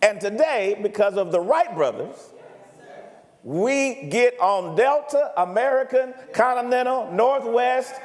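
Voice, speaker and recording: A man preaching a sermon as pastor, animated and often checking in with the congregation. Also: extremely high pitch, unhurried. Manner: animated preaching, asks the congregation if he makes sense. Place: church sanctuary. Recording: reverberant church hall.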